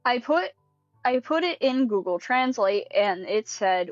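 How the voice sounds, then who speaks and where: A woman's voice: fairly high pitch, lively intonation, no echo, highs cut off, faint music behind. Giggly young woman reading a creepy story. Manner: breaks into laughter and comments mid-reading; quick, giggly and sweary. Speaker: creepypasta reader. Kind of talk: casual reading with asides.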